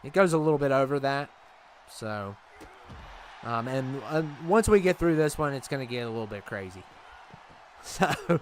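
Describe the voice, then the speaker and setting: A man's voice: mid-range voice, lively intonation, moderate pace, pauses often, a little hiss or hum. A man hosting a livestream, chatting casually and rambling with his viewers, laughing easily. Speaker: livestream host.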